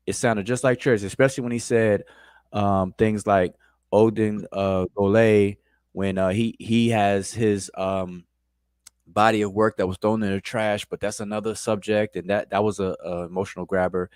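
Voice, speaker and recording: A man in a casual discussion, explaining points analytically and pausing to search for words. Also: lowish voice, steady tone, a little mellow, clean tone, no room sound.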